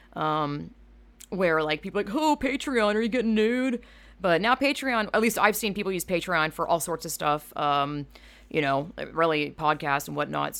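A woman from Georgia rambles through her solo podcast, swearing freely and poking fun at herself. Her voice sits low with a gravelly fry. She gets animated and loud as she talks. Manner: rambling, profane, self-mocking. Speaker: podcast host. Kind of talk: casual solo podcast monologue.

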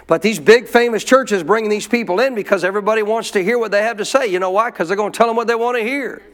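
A man's voice: sits high, fast talker, a bit bright. A man preaching a sermon in an emphatic way, repeating his points and calling for amens from the congregation.

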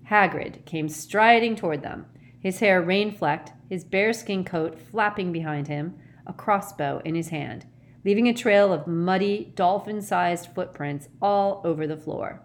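A woman narrating an audiobook in a clear, expressive reading voice. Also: lowish voice, unhurried.

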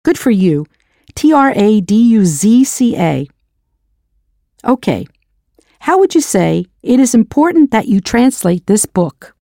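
A woman's voice: mid-range voice, sing-song, measured pace, creaky, pauses often, mellow, dry recording, studio quality. A woman teaching a recorded language lesson, spelling words out letter by letter and asking the listener to answer. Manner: spells words letter by letter, then prompts the learner.

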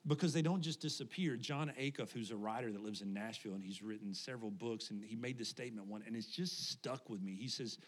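A man in his thirties preaching a sermon to his congregation, telling family stories in a relaxed, conversational way with frequent laughs. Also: fairly low pitch, fast, hardly any pauses. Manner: conversational, animated storytelling with laughs. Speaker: pastor. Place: church sanctuary before congregation.

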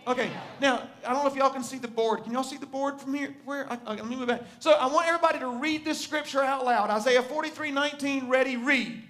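A man's voice: very high-pitched, fairly even intonation, fast, few pauses, a bit bright. A man preaching a sermon to a live congregation, conversational and full of questions to his listeners. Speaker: pastor. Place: church sanctuary before a congregation.

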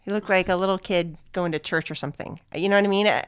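A middle-aged woman chatting casually as a guest. She tells her story in a warm, chatty way and laughs often. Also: on the low side, steady tone, quick pace, smooth, no echo, studio quality.

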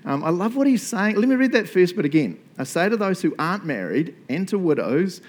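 A middle-aged man with a New Zealand accent, preaching a sermon in a chatty, animated way and laughing often between points. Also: high-pitched, brisk. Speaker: pastor.

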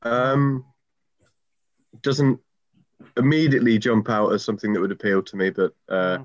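A man joining a radio panel as a guest, polite and quick to laugh. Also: fairly low pitch, flat delivery, no echo, highs cut off.

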